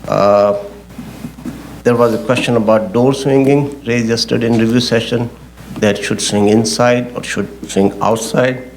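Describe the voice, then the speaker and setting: A man, the project engineer, presenting his case at a public zoning hearing in a halting, technical way, often repeating himself. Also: mid-range voice, steady tone, a little hiss or hum.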